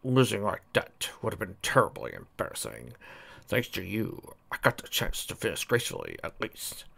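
A man voicing a calm, polished male stallion pony who speaks quietly and graciously. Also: on the low side, moderate pace, gravelly, exaggerated voice. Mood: gentle.

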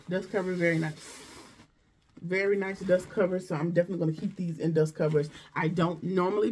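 A woman's voice: fairly low pitch, a little mellow, breathy edge. A woman vlogger chatting casually through a shopping haul, gushing and exclaiming over each item. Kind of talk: casual unboxing chat.

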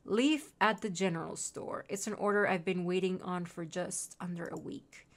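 A woman's voice: lowish voice, steady tone, normal speed, pitched below the performer's own voice, natural voice. A woman reading aloud the lines of a chatty male shopkeeper in a game, in a friendly tone. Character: chatty male shopkeeper, fond of pungent food.

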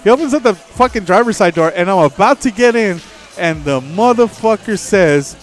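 A man hosting a livestream, telling a story in a profane, animated way, with faint music behind. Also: high voice, moderate pace. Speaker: livestream host. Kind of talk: casual storytelling on stream.

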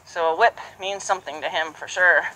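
In a horse arena or round pen, a woman trainer narrates a training session, explaining each step aloud and murmuring soothingly to the horse. Her voice is lowish, sharp in tone and fairly even in intonation, and she speaks a little fast. The audio is poor, with slight background noise plus hoofbeats and horse sounds.

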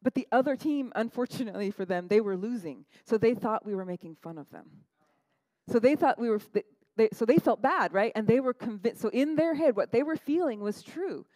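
A middle-aged woman pastor delivering a lively, conversational sermon, often tossing in "right?" to the congregation. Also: on the high side, brisk, no room sound, rough recording. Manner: animated, conversational, frequent "right?" asides.

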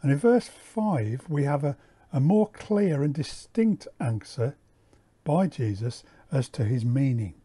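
A man giving a measured Bible teaching, repeating key words and explaining the original Greek. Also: mid-range voice, expressive, mellow, slightly rough. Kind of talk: slow, deliberate Bible teaching.

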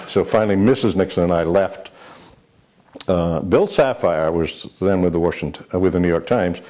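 Older guy rambling through old stories, low dark voice, lots of uhs. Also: expressive, normal speed. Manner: rambling anecdotes with many fillers and restarts. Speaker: former military aide and chief of staff, interviewee. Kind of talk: reminiscing interview answers.

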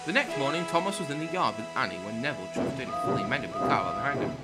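A man's voice: medium pitch, fast talker. Man narrating a storybook over music. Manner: animated reading. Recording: loud music under the voice. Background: loud background music.

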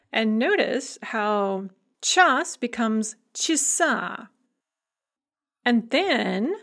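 A woman who teaches languages gives a recorded lecture in a slightly bright voice that sits on the higher side. She works through the grammar step by step and pronounces her sample phrases slowly and carefully.

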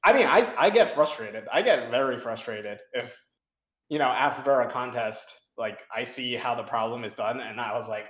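A man's voice: mid-range voice, expressive, moderate pace, a bit bright. A young man answering interview questions frankly, rambling with many fillers and restarts. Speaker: interview guest, competitive programmer. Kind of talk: casual interview chat. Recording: roomy, dull lo-fi sound.

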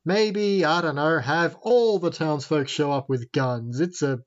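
A man with a somewhat higher voice chats as a podcast guest, making wry jokes and wandering into asides. His audio sounds dull and lo-fi next to the others. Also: measured pace. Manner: wry, jokey, trails off in asides. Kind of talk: casual chat.

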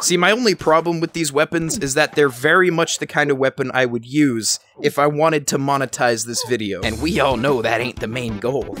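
A man's voice: a little high, moderate pace, few pauses, a bit bright, slight background noise. A young man hosting a gaming video, with goofy, joke-filled commentary and frequent laughter. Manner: goofy, laughs often, jokey asides to the viewer. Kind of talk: let's-play commentary.

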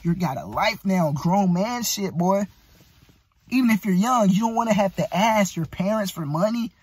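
A young man delivers a blunt, profane pep talk with a high, husky voice. He pushes hard at the listener and keeps calling them "bro". The sound is dry and close. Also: no room sound. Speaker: motivational vlogger. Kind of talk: casual motivational rant.

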